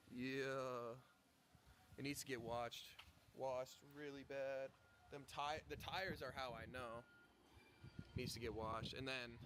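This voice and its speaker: Young male vlogger, casual and profane, mid-range voice, roomy echo, faint noise behind. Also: medium pitch. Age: young adult. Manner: rambling, profane, joking. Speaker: vlogger and clothing brand owner. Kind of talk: casual vlog chat.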